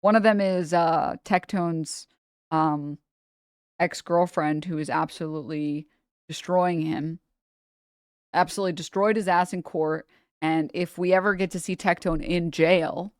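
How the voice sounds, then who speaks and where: A woman's voice: fairly low pitch, fairly even intonation, unhurried, long pauses, dry recording, studio quality. A young adult woman hosting a live stream, chatting casually in slangy, profane, irreverent banter. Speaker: streamer host.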